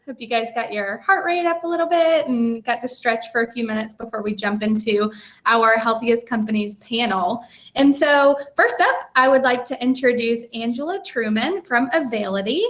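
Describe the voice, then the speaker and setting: A woman moderating a conference panel, reading out speaker introductions in a friendly, steady, scripted way. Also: fairly high pitch, moderate pace.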